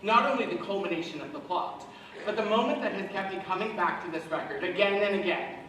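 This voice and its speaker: A man's voice: high-pitched, fast talker, bright, forceful tone, slight background noise. A young male student actor playing a wistful middle-aged musical fan who confides in the audience in rambling asides during a live stage show. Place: school auditorium stage. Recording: echoey hall from far off.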